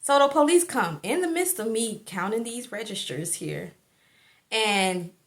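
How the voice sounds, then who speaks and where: A woman's voice: fairly high pitch, animated, measured pace. A woman telling a personal story in a rambling, colloquial way, full of fillers and asides. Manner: rambling, colloquial, many fillers like "or whatever not". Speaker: vlogger sharing a personal testimony. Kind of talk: casual storytelling.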